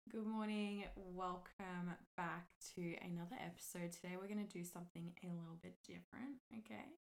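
A woman chats loosely through her own podcast. Her voice sits fairly low and sounds husky from the morning, and she swears and laughs easily as she talks. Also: poor audio. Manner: relaxed, chatty, swears casually, laughs often. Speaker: podcast host. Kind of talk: casual solo podcast chat.

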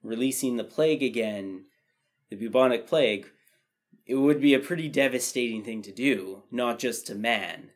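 A man's voice: medium pitch, normal speed. A man co-hosting a podcast, explaining his views at length in casual chat, thoughtful with frequent restarts. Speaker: podcast co-host.

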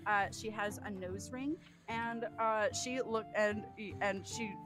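Rambling woman player over loud game music. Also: medium pitch, fairly even intonation, takes it slowly. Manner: rambling, full of fillers and swearing. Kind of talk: casual tabletop game chat.

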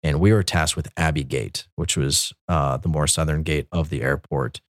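A man's voice: extremely low pitch, steady tone, normal speed, no room sound, clean studio sound. A man, a Catholic military chaplain, telling his story in a loose, rambling way with many fillers and restarts. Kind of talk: conversational storytelling.

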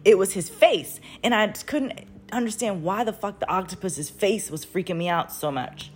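An adult woman telling a personal story in a casual, animated way, swearing freely and laughing often as she talks. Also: medium pitch, normal speed. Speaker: vlogger.

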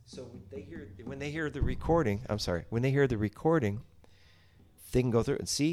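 A man's voice: medium pitch, normal speed, a little mellow. A middle-aged man chatting casually as a podcast guest, rambling with many restarts and salty language. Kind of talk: casual chat.

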